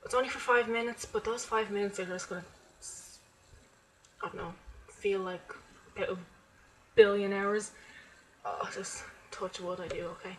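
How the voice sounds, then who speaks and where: A woman's voice: medium pitch, steady tone, normal speed, long pauses, slight background noise, poor audio. Chatty young woman vlogging. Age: young adult. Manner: chatty, rambling, full of "like" fillers. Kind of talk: casual chat to camera. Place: at home.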